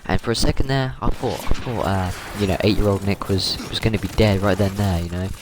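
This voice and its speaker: A man's voice: low voice, fairly quick. A man host telling a story in a casual, rambling way while gaming, repeating words and saying dude a lot, on a noisy mic with clicks.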